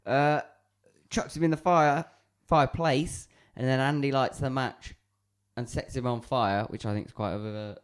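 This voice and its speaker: A man's voice: mid-range voice, steady tone, unhurried, smooth. A man co-hosting a podcast, chatting casually about a film with wry asides, laughter and casual swearing. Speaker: podcast co-host.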